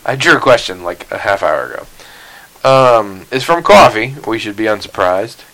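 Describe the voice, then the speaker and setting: A man's voice: on the low side, animated, normal speed, a bit bright, rough recording. A man hosting a casual podcast, rambling and sarcastic, swearing freely and laughing at his own jokes. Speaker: podcast host.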